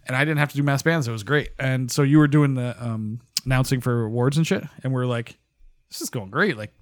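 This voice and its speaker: A man's voice: mid-range voice, fast talker. Easygoing laughing man, chatty guest. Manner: relaxed, laughing, rambling with fillers. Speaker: guest and pipe band member. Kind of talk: casual chat.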